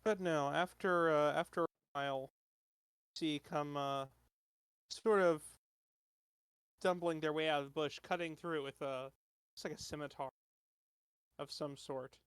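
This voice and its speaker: A man running a tabletop game, narrating scenes in a halting way with many fillers. His voice sits fairly high and the sound is dry and close. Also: steady tone, fairly bright tone, clear, resonant tone, no room sound. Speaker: game master.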